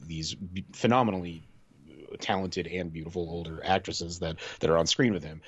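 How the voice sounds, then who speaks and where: A man's voice: low-pitched, steady tone, normal speed, slightly rough, no echo, dull audio. A man co-hosting a podcast, chatting casually about a film, swearing loosely and trailing off into restarts. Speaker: podcast co-host. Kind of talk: casual film-review chat.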